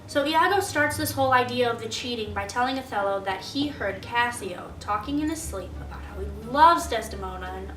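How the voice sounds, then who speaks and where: Young woman student rambling thru a plot recap, bright high voice, echoey room. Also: a little fast, hardly any pauses, recorded from a distance, a little hiss or hum. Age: young adult. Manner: chatty, filler-heavy retelling. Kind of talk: casual plot summary. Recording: roomy echo, faint music.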